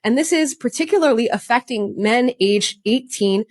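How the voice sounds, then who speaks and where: A woman host who reads posts aloud and reacts conversationally. Her voice is a little high. The recording is dry and close. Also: lively intonation, moderate pace, a little mellow, dry recording. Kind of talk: reaction commentary.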